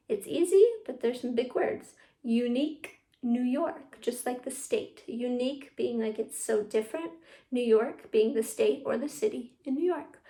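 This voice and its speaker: A woman's voice: a little high, normal speed, darkish tone. A woman teaching an online drama class for children, upbeat and encouraging as she leads tongue twisters. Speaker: youth theatre drama teacher. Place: at home on a video call. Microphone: computer mic.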